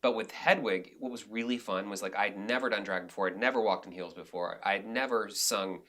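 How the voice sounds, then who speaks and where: A man talks as a podcast guest, telling stories in an animated, rambling way full of restarts. His voice sits somewhat low but comes through bright and forceful. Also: brisk. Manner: animated storyteller, many restarts and "like"s. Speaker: guest, director and actor. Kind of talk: casual interview storytelling.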